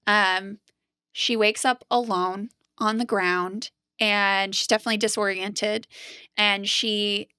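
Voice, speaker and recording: Bright, crisp-voiced woman podcast co-host. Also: mid-range voice, slow pace, dry recording, studio quality. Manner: animated storytelling with frequent "like". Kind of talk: casual recap chat.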